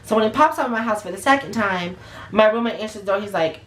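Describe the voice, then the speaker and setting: A woman recounting a storytime for her viewers, blunt and full of cussing, with plenty of emphasis. Her voice sits in a middle pitch, and the room gives it a roomy echo. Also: quick pace, slight background noise. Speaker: vlogger. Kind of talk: storytime vlog.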